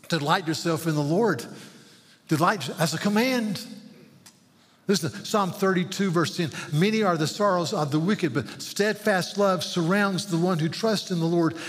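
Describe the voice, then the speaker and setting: A man preaching a sermon as pastor, earnest and pleading, often repeating words as he builds. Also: high voice. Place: church sanctuary. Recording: long hall reverb.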